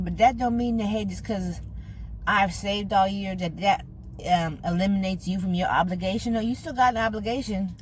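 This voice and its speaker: A woman's voice: medium pitch, normal speed, slight background noise. An older woman with a Californian accent talking earnestly to camera in a vlog, slangy and emphatic, getting choked up. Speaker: food vlogger. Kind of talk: casual heartfelt talk to camera.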